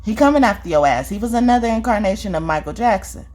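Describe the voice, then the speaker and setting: A woman's voice: mid-range voice, animated, quick pace, a little mellow. A woman giving a spiritual reading, talking straight at the viewer, profane and scolding, repeating her points and tagging them with "okay?". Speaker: spiritual reader. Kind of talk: confrontational spiritual vlog monologue.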